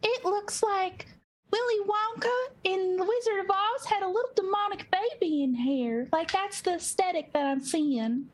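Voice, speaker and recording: Very high-pitched woman player with exclamatory reactions. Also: normal speed, low-quality recording. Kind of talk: playing a tabletop game.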